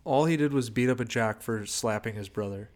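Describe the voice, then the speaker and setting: A man's voice: mid-range voice, brisk, darkish tone. A man co-hosting a podcast, chatting casually about a movie with dry, joking asides. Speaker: podcast co-host. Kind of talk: casual chat reviewing a movie.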